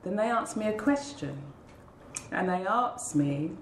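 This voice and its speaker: A woman's voice: mid-range voice, animated, measured pace, slight background noise. A woman guest in an interview, earnestly telling a heartfelt personal story and acting out the voices of people she quotes. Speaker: interview guest, school leader. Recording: roomy echo.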